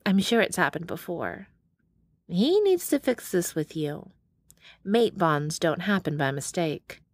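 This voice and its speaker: A woman's voice: fairly low pitch, sing-song, unhurried, no echo. A woman voicing a motherly older bear-shifter woman who speaks bluntly and calls people honey.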